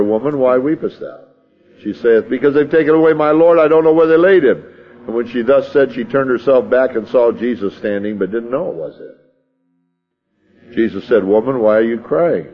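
In lo-fi sound, a mid-range male voice delivers sermon teaching, folksy and good-humored, reading the scripture and then dramatizing it in his own words with a chuckle here and there.

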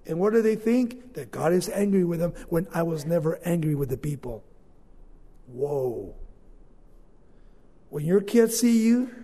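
A male preacher delivering an informal, storytelling sermon with big shifts in loudness. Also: fairly high pitch, husky, in a large hall.

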